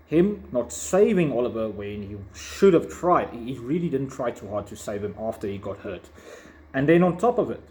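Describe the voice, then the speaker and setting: A man's voice: mid-range voice, mellow. A man giving a casual, opinionated video review, rambling with frequent fillers. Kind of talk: casual commentary.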